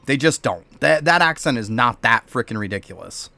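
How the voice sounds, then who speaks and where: A man from upstate New York talks to his live-stream chat in a loose, rambling way, swearing freely and dismissing things bluntly. His voice sits at an ordinary middle pitch. The sound is dry and close, with no room echo. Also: animated, moderate pace, vocal fry, sharp tone. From New York State, US. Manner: blunt, profane, rambling rants.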